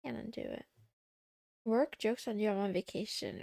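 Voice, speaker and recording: A young woman streaming from home, chatting casually with her viewers in a playful way, with the odd meow and high squeals when she gets excited. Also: normal speed, creaky, no echo, studio quality. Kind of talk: casual chat with live chat.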